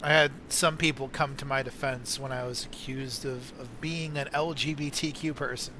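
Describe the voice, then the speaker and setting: A man's voice: medium pitch, steady tone, moderate pace, noisy background. A man streaming a game, chatting casually and rambling through crude jokes with lots of fillers. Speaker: gaming streamer. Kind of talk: casual gaming-stream chat.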